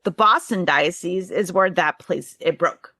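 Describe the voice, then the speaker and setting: Chatty New England woman, bright voice. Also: on the low side, a little slow, no echo. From New Hampshire. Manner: chatty, quotes herself often, laughs easily. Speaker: podcast guest. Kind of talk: casual interview conversation.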